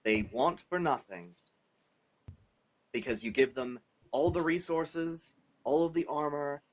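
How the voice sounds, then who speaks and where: A man's voice: on the high side, unhurried, poor audio. A man in an in-character roleplay debate, confrontational and sarcastic.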